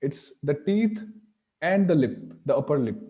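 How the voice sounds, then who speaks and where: A man's voice: a little high, expressive, unhurried, phone-quality sound. A man teaching Sanskrit pronunciation, patiently sounding out each letter aloud. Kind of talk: online class explanation.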